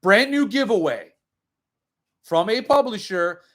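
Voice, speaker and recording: A man's voice: sits high, lively intonation, measured pace, fairly bright tone. A man hosting a book channel, chatting loosely on a livestream from a room at home, rambling and reading viewer comments aloud. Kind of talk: casual livestream chat.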